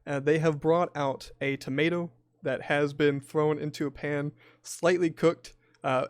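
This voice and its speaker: A man running a tabletop horror game as game master, describing scenes slowly with frequent filler pauses. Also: on the high side, no room sound, clean studio sound.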